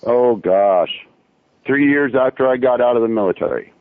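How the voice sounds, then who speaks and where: A man calling into an online radio show who tells his experience earnestly, in short halting phrases. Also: mid-range voice, dry recording. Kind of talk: casual chat on an internet radio show. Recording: dry tinny phone-line audio.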